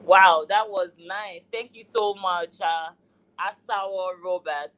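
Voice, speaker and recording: Nigerian woman, meeting host, low voice, unhurried and full of pauses. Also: fairly even intonation, fairly bright tone, poor audio. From southern Nigeria. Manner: measured, many pauses and fillers. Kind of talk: online community meeting.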